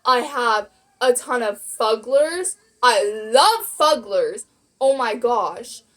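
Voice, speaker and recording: A young woman chats through a casual Q&A vlog with a slightly high voice. She sounds bubbly and rambling and giggles easily at her own jokes. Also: animated, slow pace, a bit bright. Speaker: vlogger. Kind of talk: casual Q&A chat.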